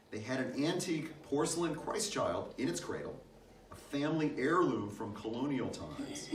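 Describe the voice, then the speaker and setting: An older man reads a memoir aloud to a gathering, letting his pitch rise and fall freely as he tells it. His voice carries from a little way off the mic in an echoey church hall, with a faint hiss behind. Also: distant mic. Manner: reflective, storytelling delivery. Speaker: reader at a church Christmas program. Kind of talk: reading a personal essay aloud. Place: church meeting house.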